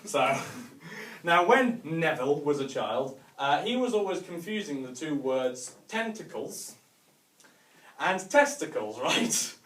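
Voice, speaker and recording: A man's voice: a little high, expressive, a little slow, a bit bright. A man doing a rambling, self-mocking stand-up set with lots of fillers, in a hotel venue room. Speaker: stand-up comedian. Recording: echoey room mic from a distance.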